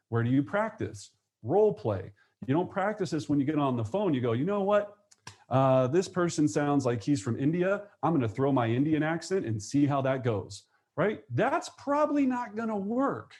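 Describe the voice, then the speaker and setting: Male webinar coach, mid-pitched, upbeat, slips into playful voices to act out calls. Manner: energetic, acts out phone calls in quick voices. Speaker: real estate trainer. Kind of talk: live webinar teaching.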